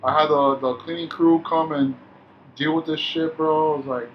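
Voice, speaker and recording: A man with a slightly high voice tells stories from work in relaxed, profane chat. He acts out the lines of the people in them. The recording sounds dull and a little lo-fi. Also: normal speed. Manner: loose, profane storytelling with acted-out quotes. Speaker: podcast co-host. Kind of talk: casual chat. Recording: dull lo-fi sound with faint background hiss.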